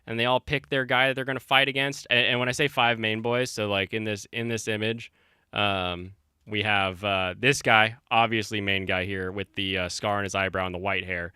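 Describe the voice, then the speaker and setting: Man, stream host, casual chat, rambling, low voice, crisp tone. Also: little pitch movement, normal speed, bright, forceful tone, no echo, studio quality. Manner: rambling storyteller, many fillers and restarts.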